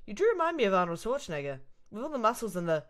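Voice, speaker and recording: A woman's voice: medium pitch, very animated, rapid-fire, natural voice. A British woman voicing a sassy young female college student in her own exasperated voice, reading a visual novel aloud. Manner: exasperated, chatty.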